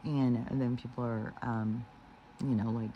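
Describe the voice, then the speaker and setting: A man giving a rambling spiritual monologue, full of fillers and restarts and slowing down on his key phrases. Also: mid-range voice, level tone, muffled recording, a little hiss or hum. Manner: meandering, heavy with fillers and restarts; earnest, slows down on key phrases. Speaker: spiritual vlogger.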